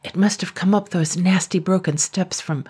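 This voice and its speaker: A woman's voice: fairly low pitch, steady tone, normal speed, a little mellow, husky, voice pushed up. A woman voicing a timid, trembling male blacksmith who stammers with nervous politeness.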